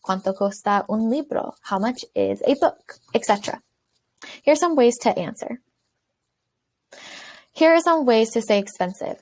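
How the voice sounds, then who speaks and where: A woman teaching beginners in a self-recorded video lesson, repeating words slowly and clearly for learners. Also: a little high, animated, darkish tone. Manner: clear, slow repetition for learners. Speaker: language teacher.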